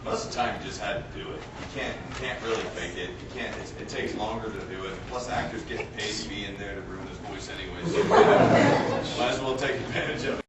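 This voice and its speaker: A man, a voice actor, chatting with fans on a convention panel, telling stories and breaking into loud screams and character voices. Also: fairly low pitch, a little fast. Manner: animated, breaks into screams and voices mid-story. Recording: echoey hall, distant mic, loud crowd noise.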